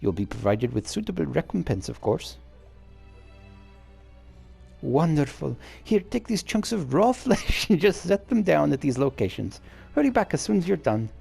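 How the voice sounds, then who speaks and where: A man voicing a shrewd female wildlife overseer with a put-on accent, in a sly, theatrical, drawn-out manner, reading game dialogue during a playthrough. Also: on the high side, very animated, vocal fry, darkish tone, husky, faint music behind, pitched above the performer's own voice, exaggerated voice.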